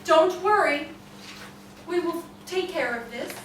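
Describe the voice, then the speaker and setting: A woman's voice: very high-pitched, animated, slow, fairly bright tone, a little hiss or hum, exaggerated voice. A woman storyteller voicing a commanding middle-aged king who talks in emphatic exclamations, in an echoey room from far off. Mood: demanding.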